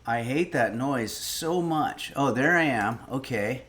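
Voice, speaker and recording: A man's voice: mid-range voice, animated, slow, fairly bright tone, soft background music. Rambling, wry livestream cooking host, a man. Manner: rambling, wry, swears when irritated. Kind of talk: casual livestream chat.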